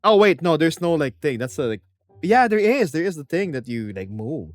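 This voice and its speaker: A man's voice: a little high, very animated, brisk, no echo, faint music behind. A man, streaming from home and reading viewer comments aloud in a playful, chuckling way. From Philippines.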